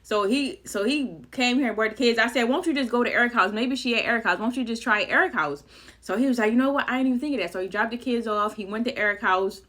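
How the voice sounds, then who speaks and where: A woman spills a dramatic story in a casual storytime vlog, chatty and full of loose slang. Her voice sits a little high and sounds bright and forward. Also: fast talker. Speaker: vlogger.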